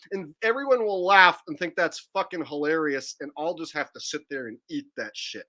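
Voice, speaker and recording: A man's voice: on the high side, fairly quick, few pauses, sharp tone. A man ranting in a profane, mocking monologue to his viewers. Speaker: video blogger.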